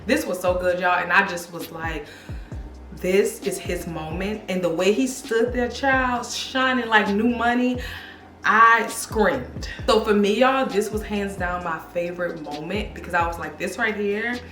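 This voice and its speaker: A young woman giving a casual, excited fashion review, chatty and talking straight to her viewers. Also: mid-range voice, normal speed. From Louisiana, USA. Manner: chatty, excited, addresses viewers as y'all and girl. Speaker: fashion vlogger. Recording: echoey room with faint music.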